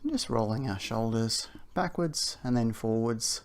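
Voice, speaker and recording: Gravelly man leading a warm-up. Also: medium pitch, lively intonation, measured pace, slight background noise. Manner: chatty, prone to asides. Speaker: exercise instructor. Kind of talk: guided warm-up instruction. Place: outdoors on a windy day.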